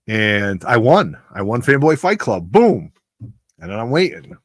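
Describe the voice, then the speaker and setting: A man's voice: fairly low pitch, very animated, unhurried, no room sound, clean studio sound. A man in his forties hosting a comic book channel, giving a heartfelt, rambling and emotional spoken tribute.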